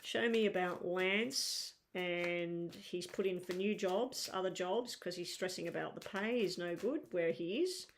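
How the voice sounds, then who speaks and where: A woman's voice: fairly low pitch, unhurried, hardly any pauses, slight background noise. A woman giving a live tarot reading, chatty and reassuring, thinking aloud as she turns the cards. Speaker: tarot reader.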